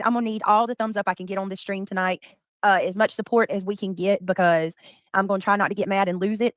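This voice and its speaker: A woman's voice: medium pitch, no echo. Lady streamer reading out chat names, close dry mic, mid voice. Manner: greets chatters by name, breaks into bits of song. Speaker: livestream host. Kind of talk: casual livestream chat.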